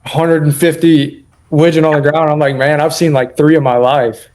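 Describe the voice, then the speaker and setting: A man hosting a casual podcast chat in a relaxed, easily amused way. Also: on the high side, normal speed. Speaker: podcast host.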